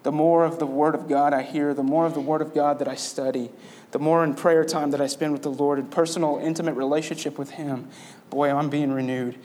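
A man's voice: fairly high pitch, fairly even intonation, a little fast, darkish tone. A man delivering a sermon as pastor, earnest and conversational, asking his listeners rhetorical questions.

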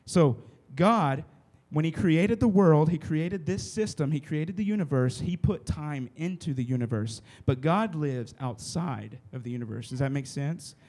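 Male preacher, slightly high voice, casual style, talks with his audience. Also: lively intonation, measured pace, hardly any pauses, darkish tone. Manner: conversational, keeps checking in with the listeners. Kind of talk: casual sermon to a youth group. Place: room with a live audience.

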